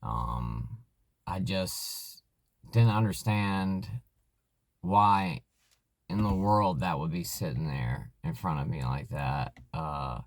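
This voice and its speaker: Deep-voiced man, halting and earnest. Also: expressive, no echo. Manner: halting, earnest, many fillers and restarts; candid, emotional retelling. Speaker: vlogger in alcohol recovery. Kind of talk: personal story vlog.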